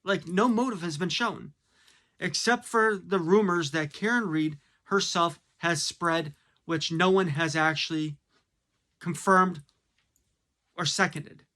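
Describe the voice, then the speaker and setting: Blunt man ranting with bright tone. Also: high voice, slow. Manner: blunt, conversational, frequent fillers and rhetorical questions. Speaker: commentator. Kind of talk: casual opinion monologue.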